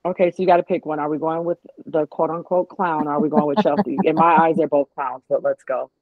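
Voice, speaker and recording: A woman chatting casually as co-host of a reality-show recap, opinionated and animated, slipping into voices when she quotes people. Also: low voice, quick pace, dry recording. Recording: dull lo-fi audio.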